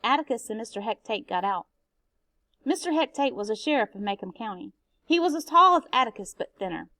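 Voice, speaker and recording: A woman, a teacher, reading a novel aloud in a steady, expressive way. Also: a little high, a little fast, no room sound.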